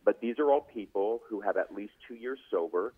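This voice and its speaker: A man's voice: fairly low pitch, brisk, slightly rough. A man, a podcast host and news anchor, telling his story as a guest in a casual radio interview, acting out the people he quotes. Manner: animated storyteller who acts out quoted voices. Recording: tinny phone-line radio audio.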